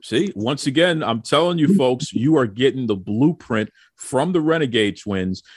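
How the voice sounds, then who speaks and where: A man's voice: medium pitch, lively intonation, moderate pace, noisy background. A man hosting a casual podcast chat, joking and teasing his guests, often repeating words as he talks. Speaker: podcast host.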